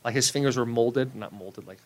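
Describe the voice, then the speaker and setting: A man's voice: mid-range voice, a little fast. A young man chatting as a podcast guest, rambling through stories and laughing at himself. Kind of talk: casual podcast chat.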